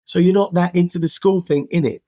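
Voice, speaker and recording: A man's voice: high voice, fairly even intonation, a little fast, dark tone, dry recording, pitched above the performer's own voice, lightly acted. A breezy, offhand older British music mogul, as a man puts him on in a raised voice. He drops big plans as if they were nothing, light and teasing, in a dry close sound.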